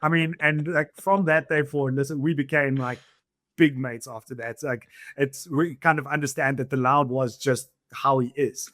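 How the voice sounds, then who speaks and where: A man telling quick, excitable anecdotes in a casual podcast chat, stumbling over restarts. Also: mid-range voice, no echo, clean studio sound. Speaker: podcast co-host.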